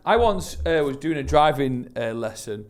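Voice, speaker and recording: A man's voice: medium pitch, lively intonation, normal speed. Young man, crude teasing banter. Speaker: podcast co-host. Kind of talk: casual chat.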